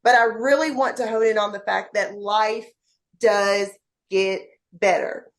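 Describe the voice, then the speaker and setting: A woman's voice: medium pitch, steady tone, a little slow. A woman guest on a podcast, speaking heartfelt and motivational words straight to the listeners. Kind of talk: podcast interview.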